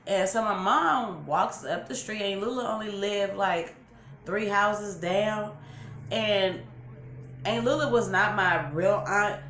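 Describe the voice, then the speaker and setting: A woman's voice: mid-range voice, slow pace, fairly bright tone. A woman in her forties from Los Angeles, rambling through a long story as she eats on camera and corrects herself as she goes. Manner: rambling, chatty, self-correcting. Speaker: eating-show vlogger. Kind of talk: storytelling while eating on camera. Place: room at home, seated in a chair. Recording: roomy room with faint background music.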